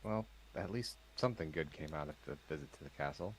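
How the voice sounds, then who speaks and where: A man playing a tabletop game, speaking in a relaxed, matter-of-fact way. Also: rumbling low, brisk, slightly rough, poor audio. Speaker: player.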